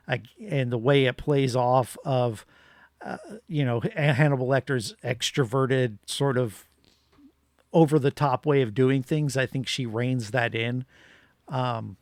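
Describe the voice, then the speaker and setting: In a casual chat, a man co-hosting a podcast rambles through an opinionated movie review, breaking into animated rants. His voice sits in the mid-range, and the recording is studio quality with no room sound.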